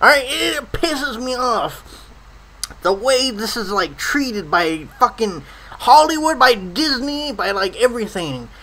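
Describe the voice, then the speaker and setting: Man, high voice, crude swearing, stammering repeats, comedic rant. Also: big pitch swings, slow, pushed and bright, rough recording. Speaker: comedy ranter.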